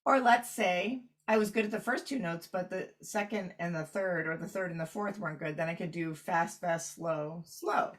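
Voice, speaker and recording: A woman's voice: fairly low pitch, a little fast, few pauses. A woman teaching a clarinet workshop online, explaining practice rhythms step by step while annotating sheet music. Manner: explanatory, walks through steps while annotating.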